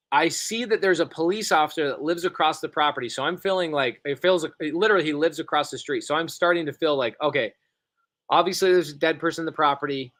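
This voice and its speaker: A middle-aged man telling a story in an excitable, animated way, with quick bursts and repeated phrases. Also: a little high. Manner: excitable, rapid and repetitive. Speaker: podcast co-host.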